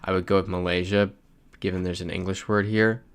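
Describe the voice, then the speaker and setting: Speaking a little fast, this man has a low voice that's clear and resonant, though his delivery stays flat. As host of a laid-back stream, he chats and reads his viewers' messages aloud mid-game.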